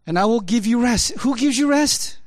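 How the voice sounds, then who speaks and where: A man preaching a casual, animated sermon, jumping from loud high emphasis to low quiet asides, with laughs and fillers. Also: normal speed, no room sound.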